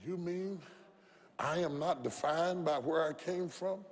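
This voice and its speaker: Slow, high-voiced preacher in a hall. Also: male voice. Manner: impassioned, rhythmic preaching with repetition and call-and-response. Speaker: pastor. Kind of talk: sermon. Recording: long hall reverb.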